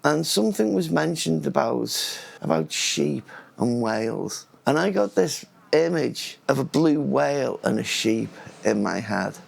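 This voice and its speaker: Gravelly, husky man rambling. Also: medium pitch, animated, a little slow. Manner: rambling, loses his thread, repeats and restarts words. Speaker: vlogger. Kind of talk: casual rambling vlog monologue.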